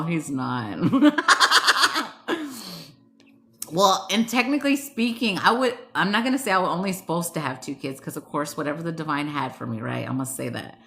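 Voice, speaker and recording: A woman's voice: medium pitch, pushed and bright. Giggly woman hosting a livestream. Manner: giggly, laughs often, switches between English and Spanish; playful and teasing. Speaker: livestream host reading chat. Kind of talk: casual livestream chat.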